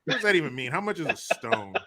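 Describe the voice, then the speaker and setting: A man's voice: fairly high pitch, sing-song, fast talker, pushed and bright. A man hosting a podcast in casual chat, joking and swearing freely as he reads news aloud. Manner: profane, joking banter. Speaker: podcast host.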